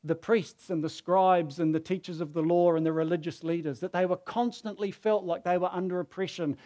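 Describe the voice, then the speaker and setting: A man's voice: high-pitched, steady tone, fairly quick, warm tone. A man preaching a sermon who tells the story casually and acts out the quoted voices.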